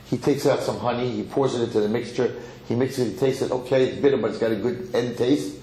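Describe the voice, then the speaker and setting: A man, a rabbi, telling a long story in an animated way and acting out the characters during a sermon. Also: mid-range voice, fast, reverberant, a little hiss or hum, poor audio.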